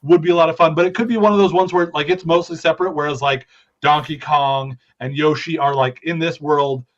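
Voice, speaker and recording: A man's voice: fairly high pitch, steady tone, a little fast, muffled recording. A man guesting in a casual panel chat, agreeable and often trailing off as he talks. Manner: agreeable, many affirmations, trailing off.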